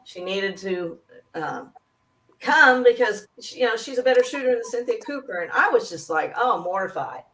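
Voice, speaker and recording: Woman guest, lively storyteller, acts out quotes, a bit off-mic, faint background noise. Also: fairly high pitch, moderate pace, recorded from a distance, low-quality recording. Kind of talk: animated storytelling.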